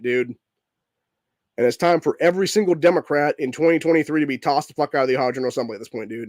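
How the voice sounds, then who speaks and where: A man's voice: fairly high pitch, no echo, studio quality. Sick, fuming man ranting with profanity. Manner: profane, heated, says dude constantly. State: sick, voice messed up. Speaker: political podcast host. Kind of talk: angry political rant.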